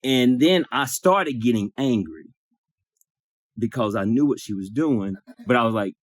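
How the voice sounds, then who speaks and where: Man, emotional personal storytelling, acts out the dialogue, swears, mid-pitched, dry close sound. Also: lively intonation, normal speed, no echo. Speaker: support circle participant.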